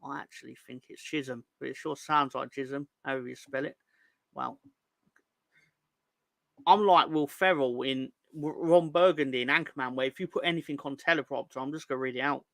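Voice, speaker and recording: Speaking a little fast at medium pitch with fairly even intonation, this man has vocal fry and a slightly bright tone, with no echo. He's hosting a casual football fan show on livestream, joking and rambling as he reads comments in silly voices, stumbling and starting over.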